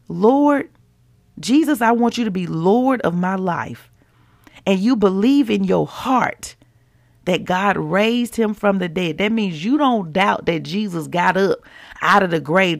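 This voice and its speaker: A woman teaching scripture on a devotional podcast, talking casually and directly to listeners and slowly repeating verses for emphasis. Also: medium pitch, vocal fry, dry recording, clean studio sound. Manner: conversational, preachy, keeps it real with listeners. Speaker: podcast preacher.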